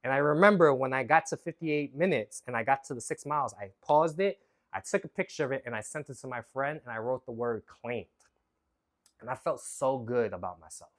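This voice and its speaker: A man talking straight to the camera, telling a personal story in a loose, candid way. He gets animated as he acts out what he told himself and lets the swearing slip out. His voice sits at an ordinary male pitch. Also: fairly quick. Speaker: vlogger.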